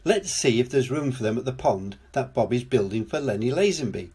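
An older man voicing a kind, patient adult woman builder in a children's storybook, explaining things gently. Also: mid-range voice, expressive, a little fast, slightly rough.

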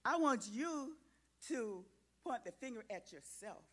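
A woman with a fairly high voice leads a children's sermon in a church. She talks in an animated, coaxing way, drawing the children and grown-ups into the lesson. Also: a little slow. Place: church sanctuary.

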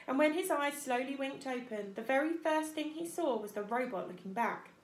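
A woman teacher reading a children's book aloud in an expressive storytelling manner. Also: high-pitched, normal speed. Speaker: primary school teacher.

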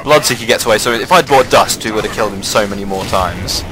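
A man commentates over a replay of his own online match, casual and excitable, swearing freely with his pitch leaping at big plays. He talks quickly against background noise.

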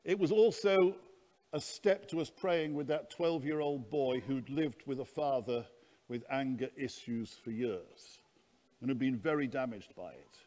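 A man's voice: mid-range voice, measured pace, mellow. A man preaching at a conference, telling stories in an earnest, anecdotal teaching manner. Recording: long hall reverb.

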